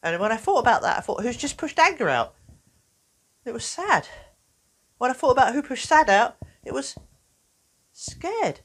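A woman presenting an educational video for children, talking in a playful, animated way. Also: on the high side, normal speed, long pauses. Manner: animated, playful, acts out little voices.

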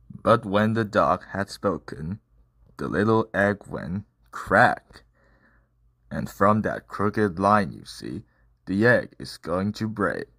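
A man's voice: deep voice, big pitch swings, slow pace, vocal fry, fairly bright tone, dry recording, studio quality. A man, the channel host, reading a children's picture book aloud in an upbeat, playful way. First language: Korean. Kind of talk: children's story read-aloud.

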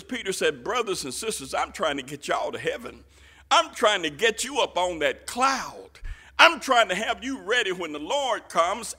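A man preaching a sermon with passion, swinging from quiet asides to shouted lines, using folksy Southern turns of phrase. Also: high-pitched. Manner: impassioned, rising to shouts.

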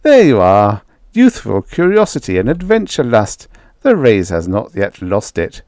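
A hearty, self-assured rich industrialist, as a man reading the story puts him on, loud and lively. He booms with a lively lilt, in a dry close recording. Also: measured pace, dry recording, exaggerated voice. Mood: jovial. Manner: booming, jovial, self-assured.

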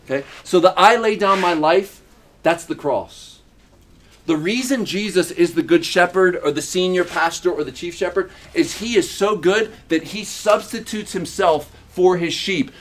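A man's voice: high voice, moderate pace. A man preaching a sermon as pastor, emphatic, with repeated phrases and rhetorical questions. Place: church in Uganda.

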